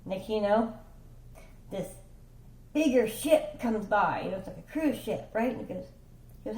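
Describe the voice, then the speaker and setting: A woman's voice: mid-range voice, animated, normal speed, long pauses, dark tone, echoey room, poor audio. A woman giving a casual tarot reading, rambling and chatty, checking in with her listener and swearing offhandedly. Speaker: tarot reader.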